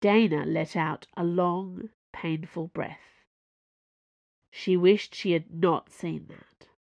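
A woman narrating a storybook in an even, measured reading. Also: lowish voice, creaky, no echo, dull audio. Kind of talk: audiobook narration.

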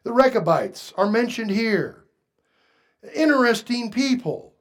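A man preaching a sermon, moving from quiet asides to raised, emphatic lines and asking the congregation questions. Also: very high voice, animated, measured pace. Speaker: pastor.

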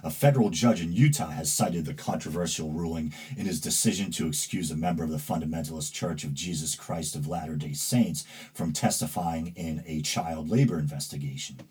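A man's voice: extremely low pitch, fairly quick, a little mellow, breathy edge. A man with a New England accent hosting a podcast, reading news aloud and commenting in a rambling, hesitant way with many fillers. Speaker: podcast host.

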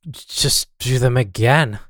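A man with an Australian accent hosting a small radio show in a rambling, self-mocking way, often tripping over names. His voice is mid-pitched and recorded close and dry, with no room echo. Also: measured pace, fairly bright tone. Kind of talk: casual radio banter.

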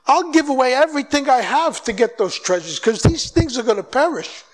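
This guest preacher speaks in an extremely high register at a fairly brisk pace. He exhorts the congregation with animation, performing short back-and-forth exchanges himself.

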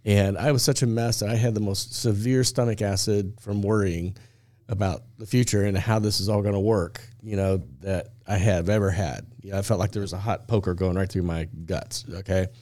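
A middle-aged man hosting a podcast, telling a personal story in an animated way and checking in with his listeners as he goes. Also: on the low side, fairly quick, dry recording, clean studio sound. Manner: animated, stops often with "okay?" to check in with listeners; acts out the dialogue of the people in his story. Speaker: podcast host. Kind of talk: conversational storytelling.

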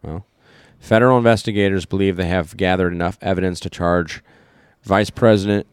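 A man's voice: low-pitched, steady tone, brisk, clean tone, no room sound, studio quality. A man from Iowa co-hosting a podcast, chatting casually about politics, rambling with fillers and restarts. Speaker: podcast co-host.

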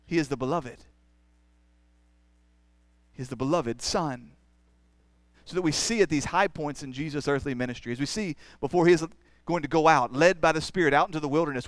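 A man's voice: a little high, fairly bright tone, dry recording. Emphatic man preaching a sermon. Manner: emphatic preaching with rhetorical questions and repetition.

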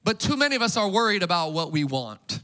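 A man preaching an Easter sermon to a congregation, energetic and casual, with call-and-response. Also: sits high, fast talker. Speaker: pastor.

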